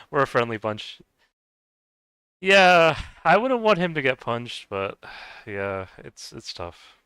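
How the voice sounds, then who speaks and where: A man's voice: mid-range voice, sing-song, slow pace, long pauses, sharp tone, clean tone, dry recording. A man chatting casually with viewers while gaming, rambling with lots of stammered restarts and frequent laughs. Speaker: streamer.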